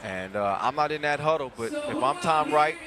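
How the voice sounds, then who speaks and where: A man calling a live basketball game, with quick, jokey, excitable play-by-play. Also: a little high. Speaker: play-by-play commentator. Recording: loud crowd behind.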